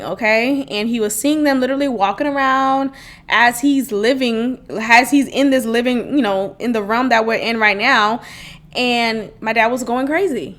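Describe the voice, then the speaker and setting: Woman telling a personal story, slightly high voice. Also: fairly bright tone. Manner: earnest, personal storytelling with frequent restarts. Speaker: podcast host. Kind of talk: solo podcast monologue.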